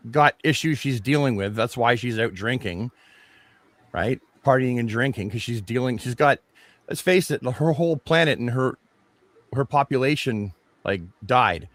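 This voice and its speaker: This podcast co-host has a medium-pitched, fairly bright voice and a moderate pace, recorded dry. He chats casually about a movie trailer, rambling through his opinion with many restarts and fillers.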